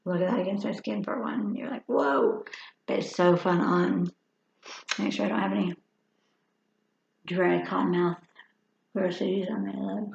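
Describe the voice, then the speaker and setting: Over fifty, this woman rambles casually through a makeup tutorial, talking to herself as she works. Her medium-pitched voice is gravelly and darkish, with little pitch movement, a moderate pace and long pauses. The recording sounds dull and lo-fi, as if made in an echoey room.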